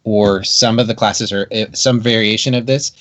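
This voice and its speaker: A man's voice: fairly low pitch, steady tone, normal speed, fairly bright tone. A man co-hosting a casual gaming podcast who rambles and restarts his sentences often. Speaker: podcast co-host.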